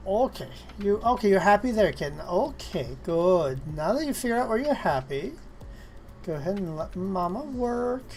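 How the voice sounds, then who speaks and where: A woman in a mid-range, very animated voice with a darkish tone chats on a casual stream as she 3D models, with slight background noise. She speaks slowly, coaching herself through each step and talking to her cat fondly and exasperatedly.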